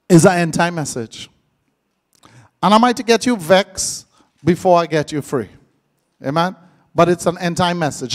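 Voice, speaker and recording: A man preaching a live sermon, joking and quizzing his congregation. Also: high-pitched. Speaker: pastor.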